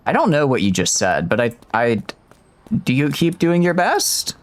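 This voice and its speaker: A man's voice: mid-range voice, huge pitch swings, normal speed. A young man giving casual, jokey gameplay commentary as a streamer. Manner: rambling, jokey.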